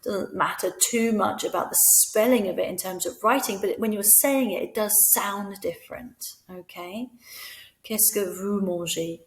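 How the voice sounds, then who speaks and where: A woman teaching French to fellow teachers, patiently explaining and slowly modelling each word. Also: mid-range voice, creaky, reverberant. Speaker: teacher trainer. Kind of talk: instructional voice-over lesson.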